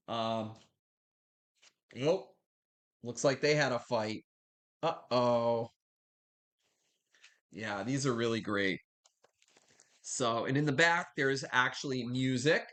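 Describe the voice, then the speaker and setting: Woman, live stream host, casual rambling chat, bright tone. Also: a bass voice. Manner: chatty, rambling, greets viewers by name. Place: home kitchen.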